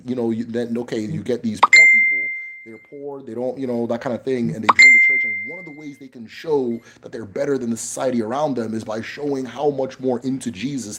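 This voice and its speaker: Hosting a laid-back livestream Q&A, a man talks with blunt emphasis and plenty of profanity, capping his points with "right?" His medium-pitched voice is bright, forceful and slightly rough.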